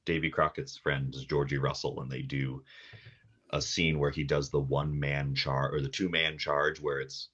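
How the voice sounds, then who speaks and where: A man's voice: very deep voice, level tone, normal speed, fairly bright tone, breathy edge, lo-fi sound. A man, a podcast guest, chatting casually from his kitchen and rambling with lots of fillers and laughs. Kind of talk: casual chat. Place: home, talking from the kitchen. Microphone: table mic on a video call.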